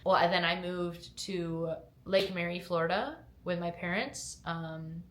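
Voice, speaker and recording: A woman's voice: on the low side, measured pace, a bit bright, slight background noise. A young woman vlogger from upstate New York, raised in Georgia, with a slight Southern twang, answering viewer questions in a candid, chatty way with fillers. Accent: slight Southern twang mixed with upstate New York. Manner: candid, chatty, hedging with fillers, upbeat when motivating. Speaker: fitness lifestyle vlogger. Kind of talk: casual Q&A chat to camera. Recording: echoey room.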